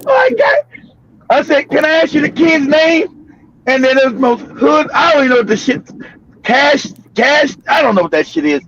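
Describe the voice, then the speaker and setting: An older man from California, hosting a live stream and telling a story loudly with profanity, laughter and bursts of shouting. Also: extremely high pitch, very animated, unhurried, pauses often. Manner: loud, profane, laughing, often breaks into shouting. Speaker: livestream show host. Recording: dull lo-fi stream audio.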